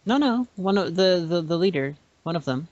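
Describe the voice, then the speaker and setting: A woman co-hosting a podcast, speaking in a halting, stammering way in casual chat. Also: fairly low pitch, expressive, a little mellow. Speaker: podcast co-host. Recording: dry, dull lo-fi audio.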